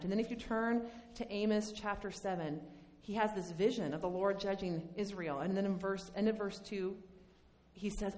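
A woman teaching a Bible study lesson in a conversational, animated way, acting out the lines she quotes. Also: medium pitch, brisk. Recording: long hall reverb.

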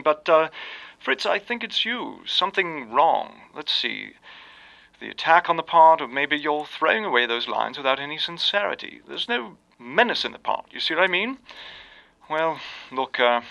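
An actor playing a fussy radio drama director who hesitates a lot, full of ums and restarts. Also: male voice, fairly high pitch, sing-song, normal speed, gravelly, sharp tone, exaggerated voice.

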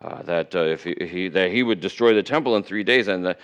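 A man's voice: low voice, fairly bright tone, clear, resonant tone, lo-fi sound, voice pushed down. A man playing a fumbling, stammering false witness. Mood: flustered. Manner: halting, stammering with fillers.

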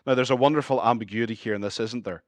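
A Northern Irish man delivers a sermon in a mid-pitched voice, his words caught close and dry with no room around them. He swings from brisk, jokey asides to soft, earnest appeals. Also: no echo. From Northern Ireland. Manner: shifts between lively humorous asides and hushed earnest appeals. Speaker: pastor.

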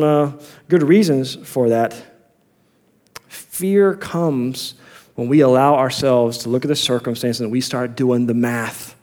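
A man pastor preaching a sermon, swinging between fervent rising appeals and quiet conversational asides. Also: on the high side. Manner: impassioned preaching, rising and falling in intensity.

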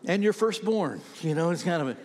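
A man preaching with a high voice that climbs and drops as he builds each point. His words trail off into a long reverb, as if he stands in a large sanctuary. He talks straight to the people in front of him and keeps checking that they follow. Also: fairly quick. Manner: animated preaching, rising and falling, with asides to the congregation. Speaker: pastor. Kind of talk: sermon.

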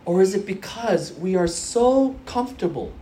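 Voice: mid-range voice, expressive, moderate pace, mellow, slight background noise. A preacher of Korean background giving an earnest sermon to young churchgoers, repeating phrases for emphasis and restarting often with fillers.

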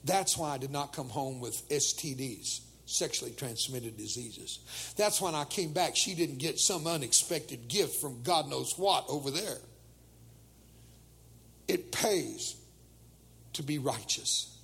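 A man's voice: mid-range voice, lively intonation, slow pace, vocal fry, fairly bright tone, slightly rough, big-room sound. An older man preaching a humorous sermon to teenagers, telling jokes and acting out the voices of people in his stories.

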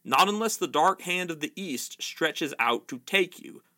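Stern old wizard, slow and commanding, read by a man. Bright, raised voice. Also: on the high side, animated.

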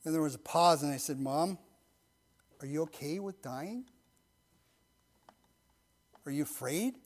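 A middle-aged man, a pastor, telling a personal story in a sermon and then leading a slow, earnest prayer, often dropping to a hushed voice. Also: a little high. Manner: soft-spoken, intimate storytelling that drops to near-whispers.

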